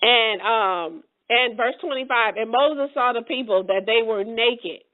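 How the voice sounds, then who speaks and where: A woman Bible teacher, reading verses aloud and explaining them in a casual, lively way. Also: on the high side, measured pace. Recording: tinny phone-line audio.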